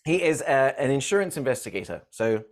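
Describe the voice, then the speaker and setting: Male podcast co-host, mid-pitch, rambling casual movie talk, self-correcting. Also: very animated, a little fast.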